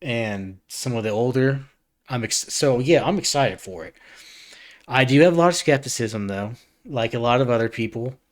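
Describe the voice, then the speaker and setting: A man's voice: medium pitch, animated, normal speed. A man streaming a reaction, talking casually in an earnest, rambling way with frequent restarts.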